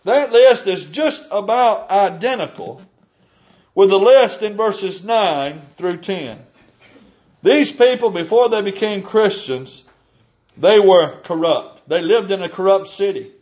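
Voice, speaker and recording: A man's voice: high voice, expressive, a little slow, a little mellow, muffled recording. A man preaching a sermon, earnest and emphatic, reading scripture aloud.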